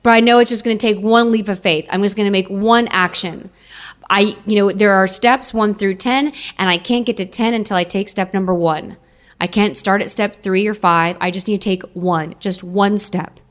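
A woman's voice: medium pitch, fairly even intonation, normal speed. A young adult woman giving an emotional personal testimony to an audience, repeating phrases for emphasis.

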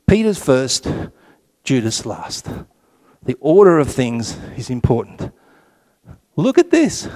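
Lively man teaching scripture. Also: fairly high pitch. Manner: lively, joking asides, reads scripture slowly. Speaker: Catholic teacher leading a Bible study. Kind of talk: Bible study talk.

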